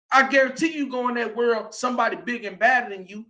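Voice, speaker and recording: A man with a Southern US accent hosting a show, giving an emphatic motivational monologue that rises now and then to shouting. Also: very high-pitched, steady tone, fast talker, few pauses. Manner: preachy and emphatic, rising to shouts. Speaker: show host.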